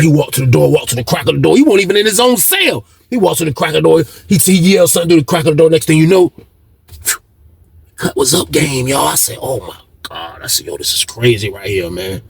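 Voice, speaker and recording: A man vlogger telling a story in casual talk, animated, swinging between loud and hushed. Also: medium pitch, gravelly, slightly rough, no echo.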